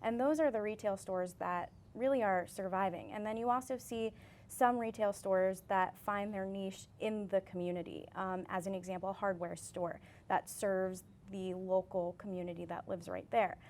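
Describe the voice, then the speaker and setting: A woman's voice: medium pitch, fairly even intonation, normal speed, a little mellow. Confident woman explaining business plans. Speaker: guest. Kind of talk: studio interview answers.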